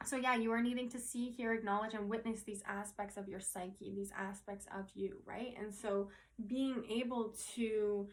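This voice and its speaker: Earnest woman giving a spiritual talk. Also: on the high side. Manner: rambling, earnest, says "right?" often, swears casually. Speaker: spiritual teacher and intuitive reader. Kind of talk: casual spiritual talk to viewers.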